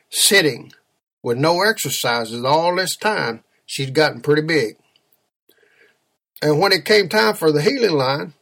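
Gravelly, husky preacher telling a story. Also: male voice, on the high side, a bit bright. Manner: storytelling, emphatic, exhorting. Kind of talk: sermon.

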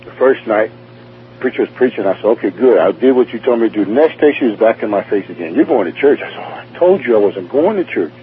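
Brief: New York man, low voice, rambling church testimony full of acted-out dialogue, tinny phone-like radio sound. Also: expressive, fast talker, a little hiss or hum. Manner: rambling, repetitive, acts out dialogue. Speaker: testimony speaker. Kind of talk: personal testimony storytelling.

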